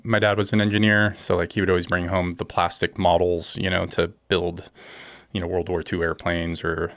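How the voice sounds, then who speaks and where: A man from California, a guest in a casual interview, telling stories about his life and work in a relaxed, plainspoken way. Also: sits low, creaky, no room sound. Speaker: guest, aerospace engineer and kayaker.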